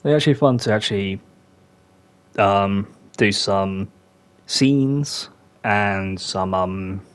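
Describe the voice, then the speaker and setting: A man's voice: lowish voice, slow, smooth. A young man hosting a podcast, chatting casually and rambling with many fillers. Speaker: podcast host.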